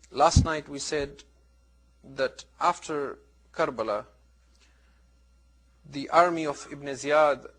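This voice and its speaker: A man's voice: medium pitch, a bit bright. A man giving a religious lecture, telling stories emphatically with dramatic rises and drops in his voice.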